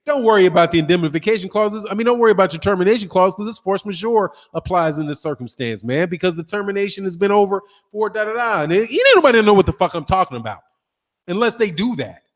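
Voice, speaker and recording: A man's voice: sits high, fast, in a large hall. A man hosting a boxing talk show, chatting casually and telling stories with frequent laughter and swearing. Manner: animated storytelling, laughs often, swears casually. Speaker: boxing channel host. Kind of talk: casual livestream chat reading comments.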